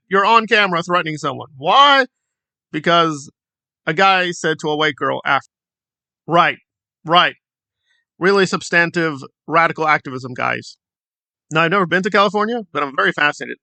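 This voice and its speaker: A sarcastic man hosting a commentary vlog, with a bright, crisp voice and a lively, swooping delivery. He mocks the people he covers and acts out their quotes, and his voice sounds dry and close to the mic. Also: on the high side, no room sound. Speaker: commentary channel host.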